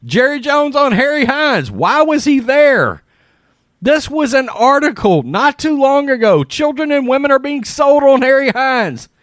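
A man giving casual, animated commentary, reading social media posts aloud with frequent laughs and exclamations. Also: very high voice, measured pace, no echo, studio quality.

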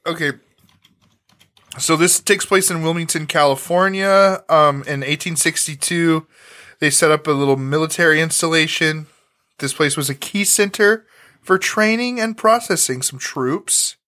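A man's voice: on the high side, measured pace, pushed and bright. A man co-hosting a casual podcast, recapping an old TV episode in a laid-back, joking way with profane asides. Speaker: podcast co-host.

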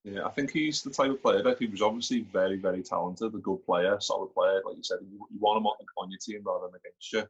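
Fast-talking husky man asking questions. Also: lowish voice, highs cut off. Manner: quick, eager questioning with restarts. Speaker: podcast host. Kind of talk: casual podcast interview.

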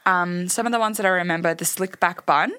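A woman's voice: on the low side, fairly quick, bright, forceful tone, smooth. A woman co-hosting a podcast in casual, giggly, teasing chat. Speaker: podcast co-host.

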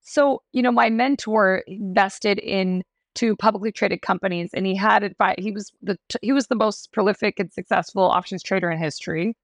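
Gravelly-voiced woman hosting a podcast. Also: medium pitch, normal speed, hardly any pauses, dry recording. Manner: effusive, long winding questions. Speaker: podcast host. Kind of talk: interview podcast.

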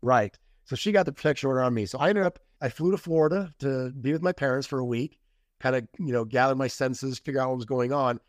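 Talking fast at a medium pitch, a middle-aged man appears as a podcast guest and shares a personal story candidly and conversationally. He acts out the quoted dialogue, and the studio-quality audio has no echo.

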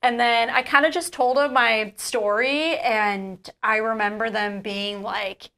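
Animated, chatty young-sounding woman host. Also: a little high, brisk, few pauses. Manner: animated, heavy use of "like", swears casually. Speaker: podcast host and jewelry business founder. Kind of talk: casual storytelling chat.

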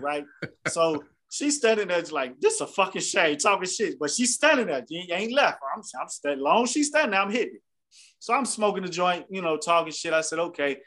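A man with a high voice tells a rambling, profane story as he co-hosts a podcast. He talks in loose, casual chat. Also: fairly bright tone. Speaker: podcast co-host.

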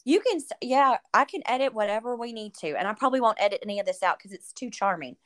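A woman hosting a podcast, chatty and excitable, rambling through stories with her guest. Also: on the high side, fast, no room sound. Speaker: podcast host. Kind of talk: casual interview chat.

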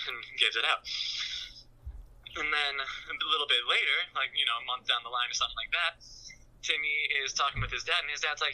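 A man's voice: mid-range voice, steady tone, fairly quick, pushed and bright, poor audio. A man telling a long joke as a caller, rambling with fillers. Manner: rambling storyteller.

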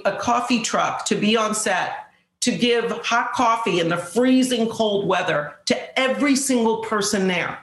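A woman tells a story in an animated way and slips into the voices of the people in it. Her voice sits mid-pitch and carries a roomy echo. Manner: animated storyteller, acts out quotes. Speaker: guest. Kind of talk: casual anecdote.

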